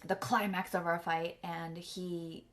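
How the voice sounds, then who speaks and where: A woman's voice: lowish voice, little pitch movement, slow. A young woman telling a personal story candidly, full of fillers and close to tears. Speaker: vlogger and coach.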